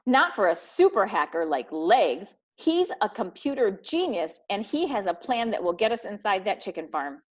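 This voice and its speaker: A woman's voice: medium pitch, very animated, moderate pace, few pauses. A woman voicing a male wolf who leads the gang with earnest, coach-like talk. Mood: upbeat. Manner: encouraging, scolding like a coach. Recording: dull lo-fi recording.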